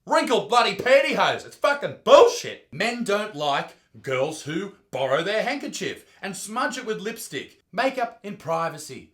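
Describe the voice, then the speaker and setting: A young Australian man doing loud, profane comedic commentary, mocking and ranting as the host. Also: sits high, echoey room. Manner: loud, sweary, mocking rants.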